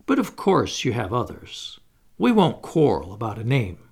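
A man voicing a calm, assured old gentleman villain who speaks smoothly and with quiet menace, in a gravelly voice. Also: medium pitch, normal speed, heavily acted.

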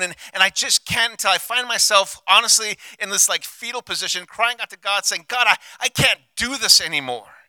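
A male pastor preaching a sermon on a handheld mic, passionate, swinging from hushed, intimate lines to loud declarations. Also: high voice, no echo.

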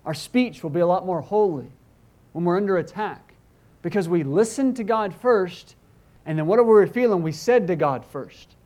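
Earnest high-voiced male preacher. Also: expressive, normal speed, a little mellow. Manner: earnest, pleading, with frequent restarts and rhetorical questions. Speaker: pastor. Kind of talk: sermon.

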